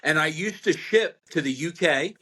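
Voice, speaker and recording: Here the older American butcher spins rambling tales for a podcast, restarting often and laughing a lot in a relaxed storytelling interview. His voice leans high and is husky, pushed and bright, delivered at a moderate pace with plenty of expression.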